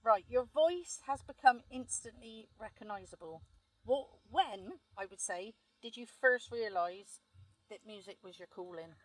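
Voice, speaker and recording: A woman interviewer asks questions from inside a car, sitting a little away from the mic. Her voice sits slightly high for a woman, and she drops in short, friendly affirmations between her questions. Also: lively intonation, measured pace, distant mic, poor audio. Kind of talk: casual interview.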